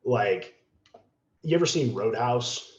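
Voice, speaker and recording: A man's voice: medium pitch, slow pace. A man telling a story as a podcast guest, casual and profane, acting out the voices of people in his story. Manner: animated, profane, acts out quotes. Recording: roomy, slightly dull podcast audio.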